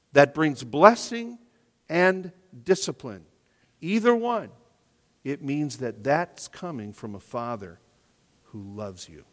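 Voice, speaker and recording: Male pastor, sermon, slow deliberate delivery, long hall reverb. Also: on the high side. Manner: earnest, questioning, drops to quiet emphasis.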